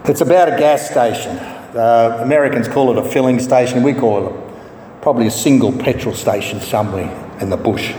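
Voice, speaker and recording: A man preaching a sermon and telling a story in a measured, steady way. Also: mid-range voice. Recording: echoey hall from far off, faint noise.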